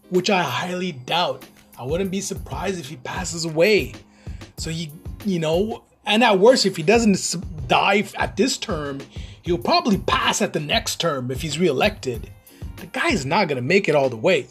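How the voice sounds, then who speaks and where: A man's voice: fairly high pitch, a bit bright. A man hosting his own channel, chatting in a rambling, jokey, heavily profane casual rant. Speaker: vlogger, channel host.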